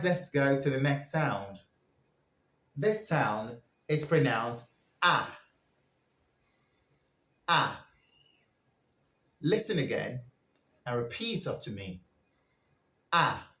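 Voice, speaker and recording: Slow, lively-voiced pronunciation teacher man. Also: medium pitch, echoey room. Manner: drills sounds for listeners to repeat.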